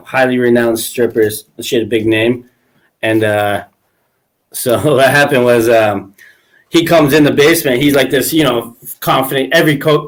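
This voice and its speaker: A man hosting a podcast, telling crude stories in a casual chat, acting out quotes with big jumps in pitch. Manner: animated, acts out quotes with pitch jumps, laughs often. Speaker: podcast host.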